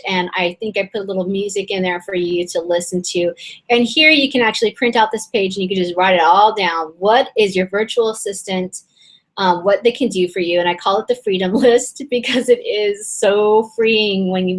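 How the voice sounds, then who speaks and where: A woman hosting a casual online business session. She talks in a chatty, rambling way, full of fillers and restarts, and her voice is a little hoarse and strained. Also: mid-range voice, normal speed, low-quality recording. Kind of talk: casual webinar teaching.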